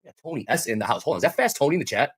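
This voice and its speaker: A man's voice: mid-range voice, rapid-fire, slightly rough. A man hosting a live trading stream, calling market moves and bantering with his co-hosts. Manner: animated, quips while calling prices.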